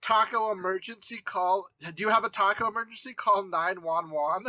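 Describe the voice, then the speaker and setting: A man's voice: high voice, moderate pace, bright, forceful tone, highs cut off. A man co-hosting a podcast, joking and laughing through crude banter. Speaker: podcast co-host. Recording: clearly noisy background.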